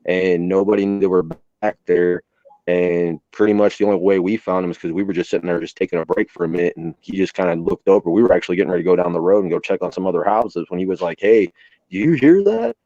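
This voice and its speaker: Man, very low pitch, dark mellow voice, plainspoken, swears, casual storytelling, muffled dry audio. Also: level tone, fast talker, no room sound. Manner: plainspoken, swears freely, acts out quoted voices. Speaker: host, former emergency responder. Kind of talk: casual storytelling on a live stream.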